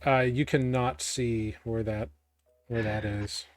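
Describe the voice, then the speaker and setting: Slow, halting man running a tabletop game. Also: mid-range voice, fairly even intonation, dry recording, faint music behind. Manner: halting, full of "um" and "like" while describing scenes. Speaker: game master.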